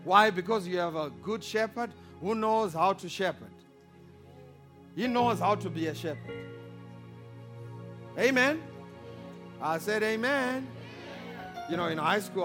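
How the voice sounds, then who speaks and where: A man preaching a sermon as pastor, calling for amens and swinging between loud exhortation and quiet storytelling. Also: on the high side. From Zimbabwe. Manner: preaching with rising calls for amen and audience response.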